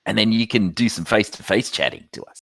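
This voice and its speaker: Low, expressive male player, persuasive, close dry mic. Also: quick pace, vocal fry, no echo. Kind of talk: in-character tabletop play.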